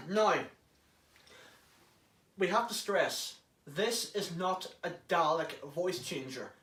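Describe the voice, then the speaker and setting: A man's voice: high-pitched, animated, slow, sharp tone. A man giving a casual how-to demonstration, chatty and jokey, with some swearing, recorded inside an enclosed prop casing. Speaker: prop hobbyist. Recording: echoey, from far off the mic.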